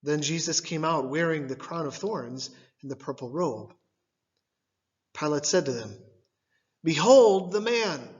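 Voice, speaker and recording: A man giving a liturgical scripture reading, delivered in measured phrases, one at a time. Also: fairly high pitch, highs cut off. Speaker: scripture reader.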